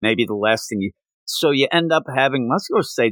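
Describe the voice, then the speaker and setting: Man, casual podcast chat, very lively pitch, bright forceful voice, dry close mic. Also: fairly quick, dry recording, low-quality recording. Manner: animated, jumps in pitch when quoting characters. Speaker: podcast co-host. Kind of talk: casual podcast chat recapping a manga chapter.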